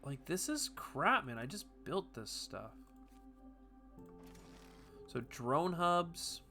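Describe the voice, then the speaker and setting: In casual gameplay commentary, a male gaming host narrates a strategy game and cracks jokes to himself along the way. He sounds a little high and gravelly, bright and forceful. Quiet game music runs in the background.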